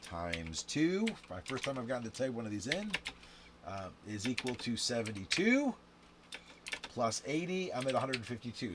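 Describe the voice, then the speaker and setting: A man playing a dice game on camera, counting scores aloud and chatting to the viewer with sudden loud outbursts. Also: mid-range voice, normal speed. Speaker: game instructor. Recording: steady background noise with clicks and typing.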